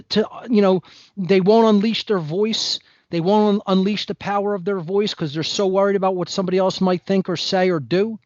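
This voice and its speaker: A man's voice: sits high, a little mellow, dry recording, lo-fi sound. A man speaking as a podcast guest in an impassioned monologue, blunt, preachy and emphatic.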